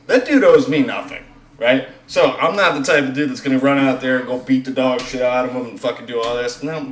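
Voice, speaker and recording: A man in casual chat, talking bluntly and emphatically with plenty of swearing. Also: medium pitch. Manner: blunt, swearing, emphatic about loyalty talk. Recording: echoey room.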